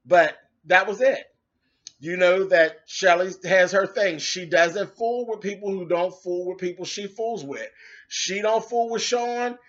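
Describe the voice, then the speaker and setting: A man's voice: high voice, unhurried. A man ranting casually at someone online in a sassy, cutting way, with dramatic asides. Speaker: commentator. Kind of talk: casual rant video. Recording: dull lo-fi recording.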